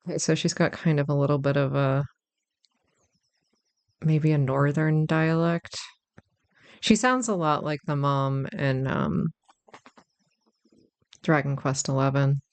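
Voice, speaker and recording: Creaky, chatty let's-play commentator. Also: medium pitch, slow, long pauses, no room sound. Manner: chatty, self-deprecating, thinking aloud. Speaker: gameplay commentator.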